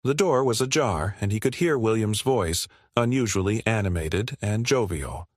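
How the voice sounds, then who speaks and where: A man narrating a scripted story in a steady, measured way. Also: on the low side, no room sound, clean studio sound.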